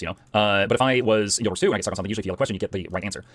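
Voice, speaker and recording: A man explaining his views as a content creator, talking quickly with many fillers. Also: on the low side, steady tone, no echo, clean studio sound. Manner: fast, explanatory, filler-heavy. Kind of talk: clip played on stream.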